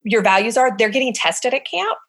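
Woman, middle-aged, interview guest, casual storytelling, fillers, acted quotes, slightly high voice. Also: expressive, fairly quick, fairly bright tone. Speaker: guest, summer camp director.

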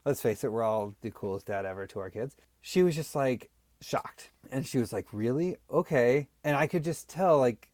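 A man's voice: mid-range voice, darkish tone, dry recording. A man in his thirties telling stories about fatherhood in casual podcast talk, earnest and reflective. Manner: earnest, storytelling.

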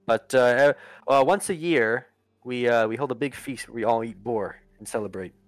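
A man's voice: medium pitch, normal speed, dry recording, soft background music. A man running a tabletop game as game master, narrating casually with lots of fillers and restarts. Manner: rambling, many fillers and restarts.

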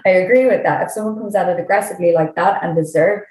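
A woman co-hosting a casual podcast chat about nutrition coaching, speaking in a measured, thoughtful way with frequent fillers like "kind of" and "like". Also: fairly low pitch, a little mellow. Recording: roomy echo.

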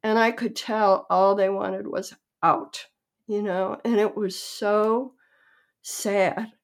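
A woman's voice: medium pitch, steady tone, slow pace. Earnest woman sharing a personal memory. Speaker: host, veterinarian. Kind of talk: casual conversation.

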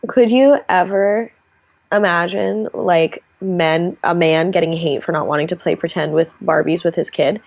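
Young woman, podcast co-host, casual storyteller, a little low in pitch, animated quotes. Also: normal speed, vocal fry, dull audio. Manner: chatty storyteller, acts out quotes in animated voices. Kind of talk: casual chat.

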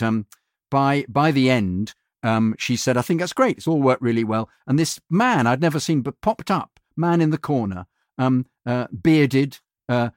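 A middle-aged man tells a story in a bone-dry, close sound with no room echo. His pitch sits in an ordinary middle range. He stumbles through fillers and restarts, then bursts into lively imitations of the people he is describing. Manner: animated storyteller who acts out other people's voices; halting, with many fillers and restarts. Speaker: voiceover artist. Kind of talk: casual anecdote telling.

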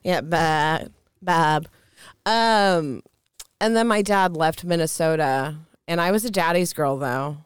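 Young woman, Midwestern American accent, candid storyteller, very clear lowish voice, dry close sound. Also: a little slow, dry recording. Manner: candid, swears freely, laughs often. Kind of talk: casual storytelling chat.

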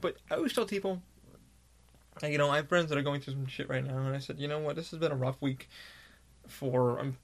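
Gravelly, candid man ranting casually. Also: a little high, fairly quick, pauses often. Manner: candid, rambling, heavy swearing. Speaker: podcast host. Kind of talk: casual monologue.

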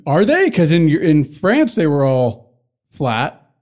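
A man's voice: on the high side, wildly swooping pitch, slow pace, darkish tone. A young man co-hosting a podcast, chatting casually, rambling and swearing now and then. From United States. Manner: rambling, loses his train of thought, swears casually. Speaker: podcast co-host. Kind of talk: casual chat.

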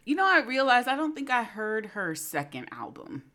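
A woman's voice: a little high, sing-song, normal speed, pushed and bright. A woman co-hosting a podcast in casual chat, joking and teasing, laughing often. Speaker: podcast co-host.

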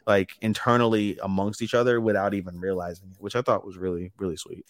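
Low-voiced man recapping an anime. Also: fast talker, dry recording, studio quality. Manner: animated retelling, acting out character lines. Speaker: podcast co-host. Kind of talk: casual anime podcast chat.

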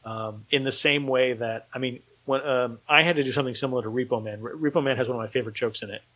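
A man's voice: mid-range voice, steady tone, fast, fairly bright tone, poor audio. A man hosting a casual talk show, rambling enthusiastically with many restarts. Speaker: podcast host and filmmaker. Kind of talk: casual chat.

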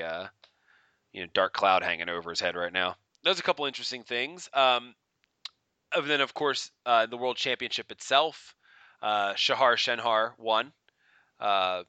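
A man co-hosting a podcast in a very bright, crisp, smooth voice, recorded close and dry. He rambles through stories with many fillers and breaks into laughter often. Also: on the low side, no room sound. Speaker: podcast co-host. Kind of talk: casual podcast chat.

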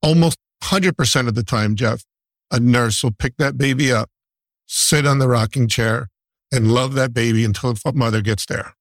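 A man's voice: mid-range voice, normal speed, dry recording. Middle-aged man, heartfelt, emphatic, dry close sound. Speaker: neonatal nurse. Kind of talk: conversation.

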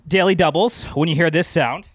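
A man hosting a casual watch quiz in a podcast, out of breath and joking loudly. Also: on the high side, moderate pace, noisy background. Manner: excitable, loud and joking. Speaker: quiz host. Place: house.

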